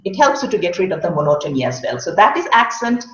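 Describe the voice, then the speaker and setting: A woman's voice: on the low side, big pitch swings, quick pace, a bit bright. A woman, speaking as a coach and patiently demonstrating how words should be said. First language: Hindi. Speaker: accent coach. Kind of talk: explanatory interview answers. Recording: roomy, dull lo-fi audio.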